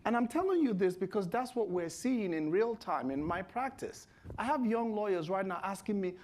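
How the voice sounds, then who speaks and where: Mellow-voiced lawyer on a panel, emphatic, lectures students. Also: male voice, sits high, lively intonation, brisk. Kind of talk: panel discussion.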